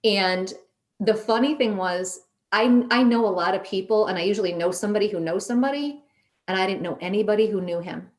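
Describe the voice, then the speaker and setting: A middle-aged woman telling a personal story in a casual chat, animated and quoting herself and others as she goes. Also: mid-range voice, a little fast. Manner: animated, quotes herself in lively voices. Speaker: podcast guest.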